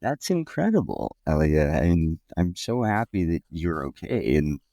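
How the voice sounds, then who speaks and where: Podcast host guy, very deep and gravelly, mostly short reactions. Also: big pitch swings, a little slow, warm tone. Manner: supportive listener with short interjections. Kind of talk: casual interview.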